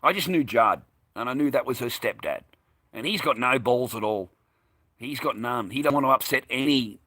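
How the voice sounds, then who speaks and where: A man's voice: medium pitch, no echo. Profane, heated Australian man. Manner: profane, heated, shouting out remembered lines. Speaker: vlogger. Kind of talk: angry storytelling rant.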